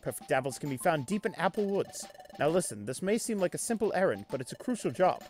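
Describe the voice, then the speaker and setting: A man's voice: a little high, very animated, fast, a little mellow, faint music behind. A man voicing a prim, fussy male bird steward in a put-on British accent, reading game dialogue aloud. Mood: stern.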